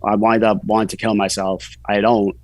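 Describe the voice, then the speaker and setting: A man's voice: on the low side, flat delivery, normal speed, darkish tone, no echo, poor audio. Candid new man telling his story. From New York. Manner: candid, rambling with many "you know" fillers. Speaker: podcast guest, author. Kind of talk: casual storytelling interview.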